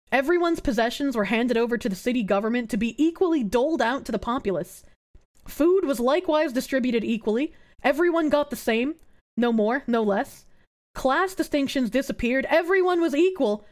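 A young adult woman streamer reading history aloud and breaking off for sarcastic, swearing asides to her chat. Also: sits high.

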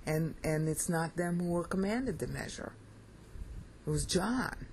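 Bible study teacher, mid-pitched voice, blunt and emphatic, keeps asking the listener "okay?". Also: animated, unhurried, a little mellow, a little hiss or hum, rough recording.

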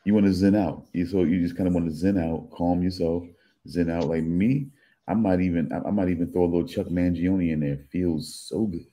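A man's voice: deep voice, steady tone, fairly quick, warm tone. A man co-hosting a podcast in casual chat, sarcastic and prone to repeating himself. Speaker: podcast co-host.

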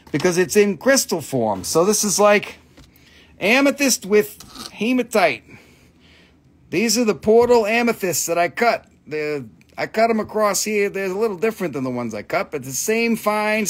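A middle-aged man with an Appalachian accent and a high voice runs a casual live sales stream for his crystals. He talks loosely about the stones, swears freely, and reads out prices and buyer numbers over slight background noise.

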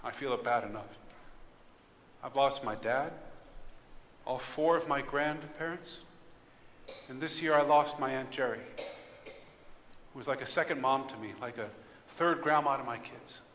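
A male pastor preaching an impassioned sermon, dropping to a hush and then rising to loud declarations. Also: mid-range voice, a little slow, pauses often, slight background noise. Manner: impassioned, swinging between hushed and loud delivery. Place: church. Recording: long church-hall reverb.

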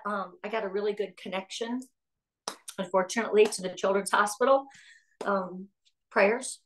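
A woman's voice: a little high, fairly bright tone. A middle-aged woman giving an upbeat, earnest talk to a sales team, answering a live chat and turning emotional at times. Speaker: guest speaker at a sales team meeting.

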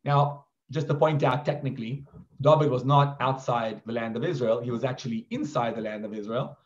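A man's voice: medium pitch, brisk. A man, a rabbi, giving a Torah class and retelling a biblical story with animation, dropping in Hebrew terms. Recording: roomy, slightly dull recording.

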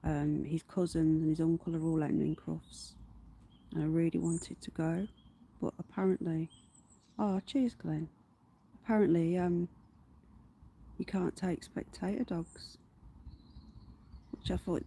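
A woman's voice: deep voice, steady tone, measured pace, creaky, long pauses, warm tone, slightly rough. A woman hosting a casual livestream from her garden, chatting to viewers, greeting them by name and swearing offhand. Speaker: livestream host. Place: outdoors in a garden.

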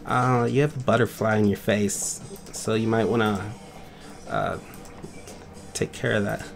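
Slow-talking playful male gaming host. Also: lowish voice, steady tone, vocal fry, soft background music. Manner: playful and goofy, gushing over viewers' art. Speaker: YouTube game channel host. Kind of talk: casual commentary reviewing fan art.

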